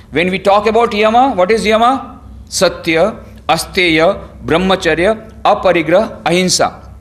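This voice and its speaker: A man giving a spiritual lecture as a swami, animated, acting out quotes and chanting Sanskrit verses. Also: sits high, a little slow. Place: lecture hall.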